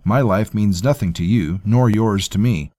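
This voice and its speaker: A man's voice: fairly low pitch, normal speed, warm tone, no room sound, lightly acted. A man voicing a bold, stubborn young male commoner tracker who talks bluntly and plainly.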